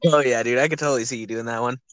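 A man's voice: medium pitch, fairly even intonation, very fast, fairly bright tone, smooth, no echo, rough recording. A young man co-hosting a podcast, chatting casually with lots of swearing, laughter and "dude". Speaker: podcast co-host.

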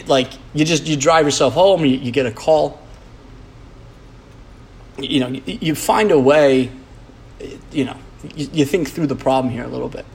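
A man talks through a loose, rambling podcast monologue. His delivery is blunt and profane, packed with fillers and false starts, and his pitch sits in the middle range. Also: moderate pace, vocal fry, long pauses. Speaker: podcast host.

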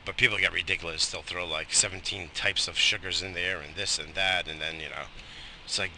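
A man's voice: low voice, fairly even intonation, fairly quick, vocal fry, pushed and bright, slight background noise. A middle-aged man, tired and coughing, rambling profanely in a casual morning vlog. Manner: profane, rambling, loose and chatty. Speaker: vlogger.

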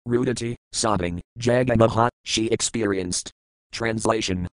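A man giving a measured, scripted verse-by-verse scripture reading, reciting each verse and then its word meanings. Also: mid-range voice, no room sound, poor audio. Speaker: scripture reader.

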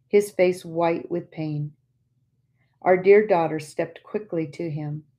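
A woman narrating an audiobook in a soft, tender, measured reading, often dropping to a hush. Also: sits low.

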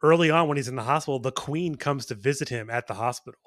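A man's voice: mid-range voice, fast talker, a bit bright, dry recording, clean studio sound. A man co-hosting a podcast, talking in a rambling, loose way with many restarts. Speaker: podcast co-host. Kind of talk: casual chat.

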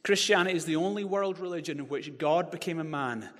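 A man preaching a sermon, animated and building to loud proclamations. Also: a little high, quick pace. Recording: reverberant hall.

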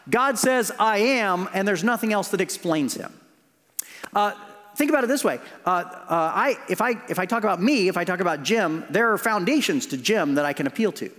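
Earnest high-pitched preacher in echoing hall. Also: male voice, a bit bright. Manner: earnest, conversational preaching with restarts. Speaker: pastor. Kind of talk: sermon.

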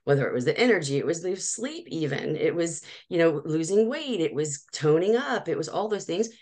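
Woman in her forties, low voice, animated interview guest who laughs often. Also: fairly quick. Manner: animated storyteller, frequent laughs and restarts. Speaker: professional organizer, guest. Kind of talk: casual interview chat.

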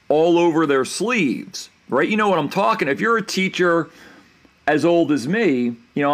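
A middle-aged man talks through his everyday gripes on a solo podcast. His voice sits a little high for a man, and he rants in an exasperated, animated way. He jumps into sudden mock yelling and then drops back to a plain telling tone. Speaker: podcast host. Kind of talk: casual solo podcast talk.

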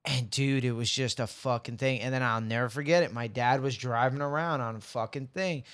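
A man's voice: medium pitch, brisk, smooth. A man telling stories in a casual chat, swearing freely and acting out the voices of the people in his stories. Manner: profane, animated, acts out quoted voices.

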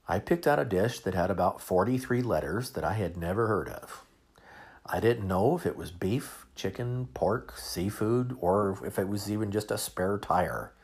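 A man's voice: sits low, darkish tone, slightly rough. A man in his forties, a podcast host, telling a humorous story in a wry, self-mocking way.

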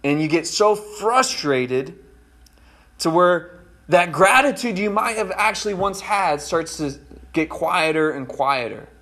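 A pastor delivers a sermon in a relaxed, folksy way and keeps checking in with his congregation. His man's voice sits a little on the high side. He often slows down to press a point home, then speeds up as he tells his own stories. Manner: conversational, folksy, addresses congregation directly.

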